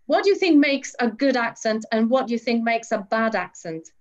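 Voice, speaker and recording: A woman's voice: a little high, expressive, moderate pace. Woman teacher over dull call audio. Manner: chatty, explanatory, many fillers. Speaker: English teacher. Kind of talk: online class teaching.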